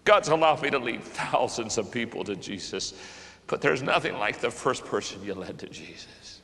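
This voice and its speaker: Bright-voiced older preacher in a big hall. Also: male voice, medium pitch, lively intonation, moderate pace, a little hiss or hum. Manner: swings between hushed storytelling and fervent raised peaks. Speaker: pastor. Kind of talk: preaching to a conference audience. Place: conference hall. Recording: large hall with long reverb.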